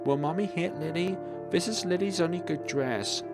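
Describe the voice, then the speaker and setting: A man voicing a small, timid little girl who talks about herself by name, in a high squeaky voice. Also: moderate pace, loud music behind the voice, lightly acted. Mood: worried.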